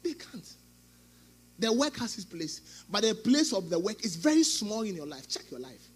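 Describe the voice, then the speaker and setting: A middle-aged male pastor preaching a sermon, swinging between loud outbursts and quieter asides, acting out quoted speech. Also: high voice, big pitch swings, normal speed, breathy edge.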